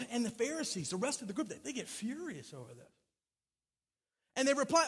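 A man's voice: very high-pitched, huge pitch swings, normal speed, fairly bright tone, slightly rough, long reverb tail. A man preaching a sermon, telling a joking personal story between scripture readings. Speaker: pastor.

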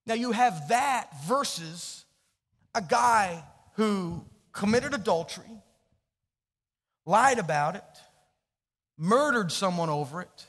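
Guy preaching a sermon, bright punchy voice, goes quiet then loud, big echoey church hall. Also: high-pitched, animated, takes it slowly, pauses often. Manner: storytelling, swings from hushed to loud and emphatic. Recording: long hall reverb.

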